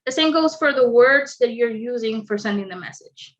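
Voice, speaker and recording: A woman leading an online communication skills workshop, explaining clearly and adding light humorous asides. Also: a little high, normal speed. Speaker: workshop presenter. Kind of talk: online training presentation.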